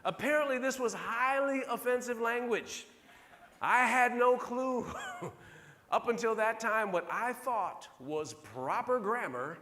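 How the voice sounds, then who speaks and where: A middle-aged man giving a conference keynote to an audience in a large hall, telling stories with humor. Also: high voice. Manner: animated, humorous storyteller. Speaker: keynote speaker. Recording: long reverb of a large hall.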